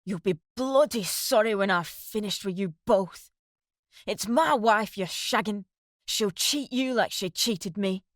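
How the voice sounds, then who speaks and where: A woman voicing a jealous, furious sergeant husband who shouts coarse insults while short of breath. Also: mid-range voice, no echo, clean studio sound, natural voice.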